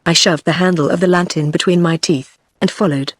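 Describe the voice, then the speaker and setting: A text-to-speech woman's voice with a British English accent, reading a novel aloud in an even, synthetic way. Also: fairly low pitch, a little fast, dry recording. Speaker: audiobook narrator.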